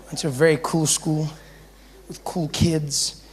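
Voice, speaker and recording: A man doing stand-up comedy, telling stories in an animated way. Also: fairly high pitch, unhurried, slight background noise. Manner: animated storytelling, switching into voices. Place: comedy stage before a live audience.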